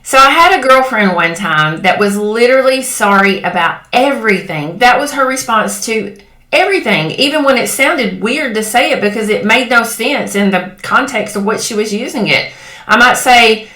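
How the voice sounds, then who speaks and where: A woman's voice: on the high side, lively intonation, moderate pace, sharp tone. A woman coaching other women in a motivational talk, direct and coaxing, often checking in with "okay?" and "right?". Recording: echoey room.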